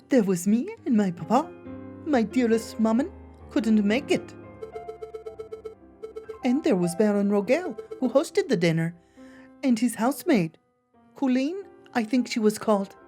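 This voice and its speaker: A woman voicing a pampered, polite young noblewoman who is a cat, in a high, sweet voice. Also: big pitch swings, measured pace, long pauses, mellow, soft background music.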